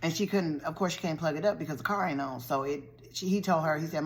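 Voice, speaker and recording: A woman vlogger recapping a TV show's plot in a lively, colloquial storytelling style, full of slangy asides. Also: low voice, fast talker, hardly any pauses. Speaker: vlogger reviewing a TV show.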